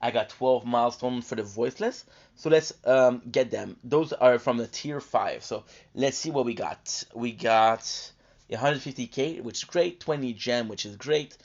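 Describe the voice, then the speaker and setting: A man's voice: mid-range voice, a little slow. A man streaming live gameplay, talking casually and rambling with lots of fillers, tired and coming down with a cold. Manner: rambling, chatty, many fillers and restarts. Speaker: gaming streamer. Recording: dull lo-fi stream audio.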